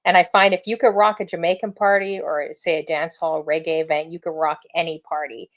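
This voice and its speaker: A woman's voice: lowish voice, little pitch movement, fairly quick, highs cut off. A woman hosting a casual interview, chatty and rambling, with frequent fillers and restarts. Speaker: interviewer and show host.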